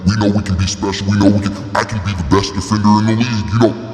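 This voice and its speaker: A man voicing a male basketball player who fakes a deep voice, halting and full of fillers. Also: steady tone, a little mellow, echoey room, big-room sound, soft background music, close to an everyday voice. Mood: mumbling. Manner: halting, filler-heavy, slow.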